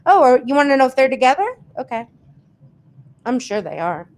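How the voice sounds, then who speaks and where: A woman's voice: sits high, big pitch swings, brisk. A woman hosting a casual livestream, chatting and reading viewer comments aloud, laughing often. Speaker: host reading viewer questions.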